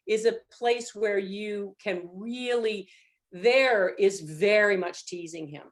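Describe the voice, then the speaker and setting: A woman's voice: medium pitch, slow. A middle-aged woman coaching a student singer in a masterclass, encouraging and demonstrating phrases aloud over a video call. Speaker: voice teacher leading a masterclass.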